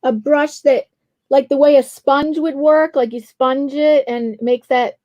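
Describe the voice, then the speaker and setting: A woman's voice: high-pitched, fairly even intonation, measured pace. A woman hosting a live art stream, chatting casually and jumping in with eager questions. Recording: dull lo-fi sound.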